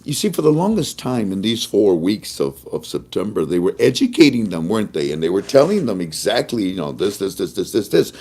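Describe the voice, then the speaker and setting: Animated male show host. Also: on the low side. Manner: animated, chuckling, drawn-out emphatic words. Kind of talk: casual live-stream commentary.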